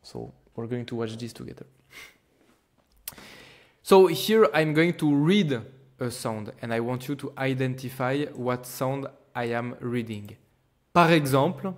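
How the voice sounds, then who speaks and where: A man teaching pronunciation, patiently exaggerating each sound for the learner. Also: medium pitch. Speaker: language teacher. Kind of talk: pronunciation lesson.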